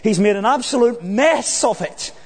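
High-voiced man preaching in a reverberant church. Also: lively intonation, slightly rough. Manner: earnest, slows down and drops low on key phrases. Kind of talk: evening sermon. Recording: long church hall reverb.

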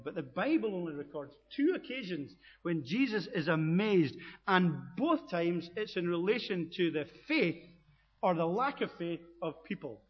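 Husky-voiced man preaching in a hall. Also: high voice. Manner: earnest preaching, rising emphatic peaks. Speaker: pastor. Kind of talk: sermon. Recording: dull echoey hall recording.

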